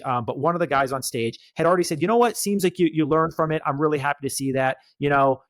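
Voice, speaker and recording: A male podcast co-host talks animatedly and emphatically in a casual recap chat, acting out what people said. His voice is a little high, with no room sound.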